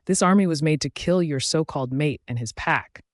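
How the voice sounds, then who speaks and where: A man's voice: a little high, normal speed, no echo, clean studio sound, close to an everyday voice. A man voicing a cruel, mocking young male villain with a sneering manner.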